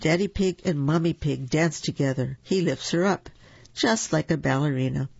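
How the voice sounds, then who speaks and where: A storyteller reading children's picture books aloud in a slow, gentle and expressive way. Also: medium pitch, gravelly, husky, no echo. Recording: dull lo-fi recording.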